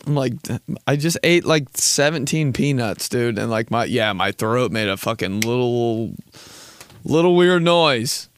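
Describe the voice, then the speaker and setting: A man's voice: medium pitch, expressive, unhurried, noisy background. A young man in his twenties hosting a podcast, joking and rambling in a laid-back, casual way and swearing often. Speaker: podcast host. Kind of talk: casual comedic monologue.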